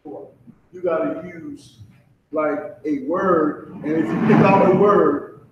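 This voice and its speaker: A male student asking a question in class, halting and searching for his words. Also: fairly even intonation. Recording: echoey, distant, muffled room mic with faint rumble.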